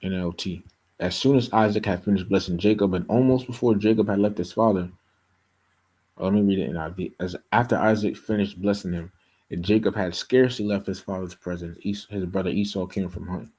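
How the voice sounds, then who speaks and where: A man's voice: sits low, steady tone, a little fast, mellow, husky, rough recording. A man teaching a bible study in a casual, conversational way, reading verses aloud and often checking in with "okay?" and "you know".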